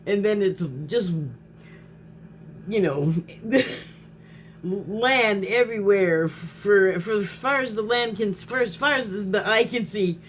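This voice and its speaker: A woman's voice: medium pitch, takes it slowly, slight background noise. A woman vlogger in a casual spoken monologue who rambles, restarts her sentences, laughs often and gets heated.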